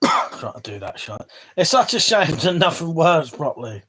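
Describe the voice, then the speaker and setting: A faint hiss or hum runs beneath a slightly high, sharp male voice with big pitch swings at a moderate pace. The Englishman is reading chat on a casual livestream from an indoor room with a weapon collection wall, cursing freely and leaving sentences unfinished as he rambles.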